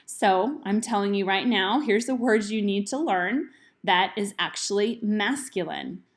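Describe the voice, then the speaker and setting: A woman teaching a recorded Spanish grammar lesson, explaining rules slowly and spelling out examples letter by letter. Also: medium pitch.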